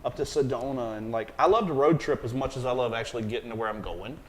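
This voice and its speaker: Man, Southern American accent, casual interview chat, rambling, playful, mid pitch. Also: fast talker, a little hiss or hum, poor audio. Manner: animated, rambling, joking, swears casually. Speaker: private chef, interview guest.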